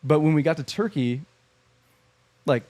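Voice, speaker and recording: A man's voice: on the high side, expressive, measured pace, darkish tone, no room sound. A man co-hosting a podcast, telling a story casually with lots of fillers and laughter. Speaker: podcast co-host. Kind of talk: casual chat.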